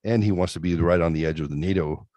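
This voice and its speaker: Deep-voiced man, emphatic casual banter. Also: warm tone, dry recording, muffled recording. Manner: emphatic, repeats key points slowly. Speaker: podcast co-host. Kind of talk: casual profane political banter.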